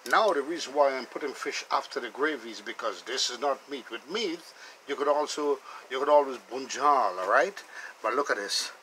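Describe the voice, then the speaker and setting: A man's voice: medium pitch, moderate pace, bright, forceful tone, slight background noise, low-quality recording. Upbeat man cooking and chatting. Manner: chatty, enthusiastic, calls the food "bad boy". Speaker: cooking channel host. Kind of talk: casual cooking demonstration with storytelling.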